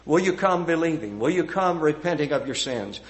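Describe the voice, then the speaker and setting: A middle-aged man preaches with earnest conviction. His voice climbs through emphatic lists, then drops to a quiet, hushed close at the end of each thought. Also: on the high side, lively intonation, a little fast. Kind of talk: sermon.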